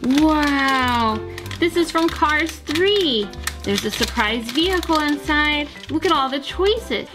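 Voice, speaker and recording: A woman's voice: high voice, fairly bright tone. A woman narrating a toy unboxing for children, gushing and gasping sweetly at each surprise.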